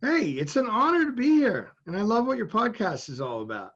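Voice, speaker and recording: Animated storytelling man, lo-fi sound. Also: sits high, brisk, husky. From Massachusetts. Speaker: guest. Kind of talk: storytelling in an interview. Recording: dull lo-fi sound.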